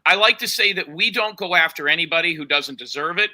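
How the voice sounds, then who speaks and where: A man's voice: on the high side, quick pace, pushed and bright. A man defending himself in a heated argument, insistently retelling a phone call and talking over interruptions. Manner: insistent, talks over others, retells calls with quoted voices. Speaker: show host under confrontation.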